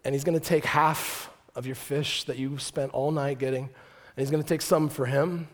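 A male pastor preaching a sermon, telling the story lively with joking asides to the congregation. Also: medium pitch, normal speed.

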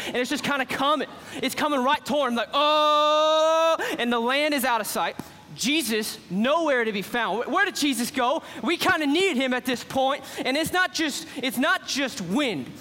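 High-voiced man preaching in a big hall. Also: a little hiss or hum. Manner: excitable, acts out characters, drops to a hush for drama. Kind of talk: animated sermon storytelling. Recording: long hall reverb with faint ambience.

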